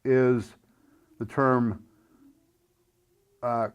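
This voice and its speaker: A man giving a casual how-to explanation in an earnest, hesitant way, with many fillers and restarts and softly chanted syllables. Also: medium pitch, little pitch movement, extremely slow, smooth, dull audio. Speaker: instructor demonstrating a build.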